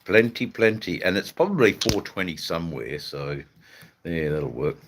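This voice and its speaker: A man's voice: extremely low pitch, animated, moderate pace, a little hiss or hum. An Australian man hosting a casual live chat with his viewers, laid-back and rambling, with lots of fillers and casual swearing. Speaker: livestream host chatting with viewers.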